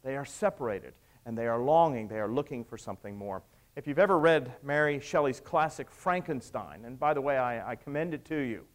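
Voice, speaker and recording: A man preaching a sermon, retelling stories dramatically and swinging between hushed and raised delivery. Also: medium pitch, lively intonation, brisk.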